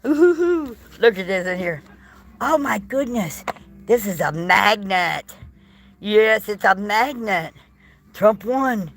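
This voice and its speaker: A vlogger with a mid-range voice speaks slowly but with lively intonation. Holding her phone, she films a casual walk-through of an indoor shop, exclaiming and gushing over what she sees.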